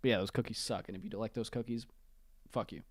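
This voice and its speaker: A podcast host on a call, chatting casually, animated and profane, laughing often. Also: mid-range voice, quick pace, no echo. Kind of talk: casual chat.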